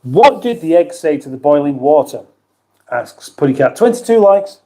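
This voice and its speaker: A man's voice: a little high, big pitch swings, normal speed, warm tone. A middle-aged British man hosting a casual livestream, chatting in a rambling, self-mocking way and reading out viewer comments. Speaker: livestream host.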